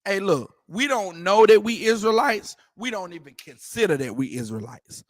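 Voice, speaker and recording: A man's voice: high-pitched, animated, normal speed, no echo. A man teaching a scripture class, preaching emphatically in colloquial street talk and repeating his points. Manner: emphatic, repetitive, prompts reader to go ahead.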